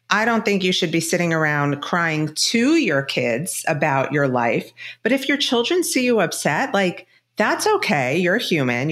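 A woman's voice: on the low side, fairly bright tone. A middle-aged woman, a divorce specialist and author, giving frank, reassuring advice as a guest in a podcast interview.

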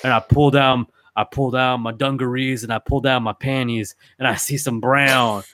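A man telling a rambling comedy story in a gruff, ungrammatical, slangy way. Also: medium pitch, fairly even intonation, normal speed, background noise.

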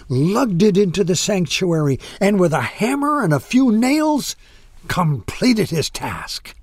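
A man narrating a heartfelt story in a slow, expressive way with dramatic pauses. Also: a little high, no echo.

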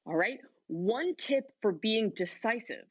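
A woman speaker coaching an audience on negotiation from a stage, in a motivational talk with punchy phrasing and deliberate pauses. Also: fairly high pitch, lively intonation, husky, no echo, dull audio.

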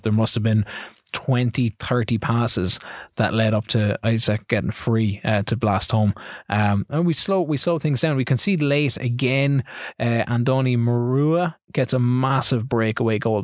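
A man co-hosting a casual gaming podcast, recapping his matches in quick rambling bursts. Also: mid-range voice, dry recording, studio quality. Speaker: podcast co-host. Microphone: studio mic.

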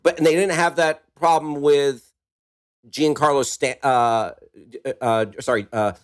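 A man's voice: on the high side, unhurried, smooth. A man co-hosting a podcast in casual chat, blunt and swearing, often stumbling over words. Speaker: podcast co-host.

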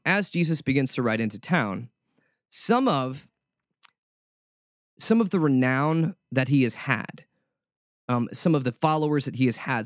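A male preacher delivers an informal, conversational sermon in a medium-pitched voice, often repeating words while he searches for the next one. The audio is studio quality with no echo.

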